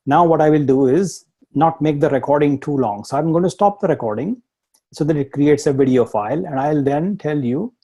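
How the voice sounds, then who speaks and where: Indian-accented male instructor, slightly high, mellow voice, patient repetitive explainer. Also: normal speed, husky. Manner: explanatory, repeats points, laughs at himself. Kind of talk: live online tech lesson.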